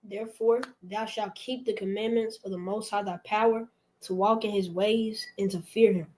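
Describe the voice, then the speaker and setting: A woman reading scripture aloud in a measured, careful way. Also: mid-range voice, steady tone, a little mellow, poor audio. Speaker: scripture reader.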